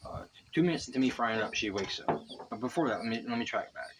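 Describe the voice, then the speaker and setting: A young man vlogs casually beside the water outdoors, spinning a long, wandering story packed with profanity and chatter. His mid-range voice is animated and fast, with background noise.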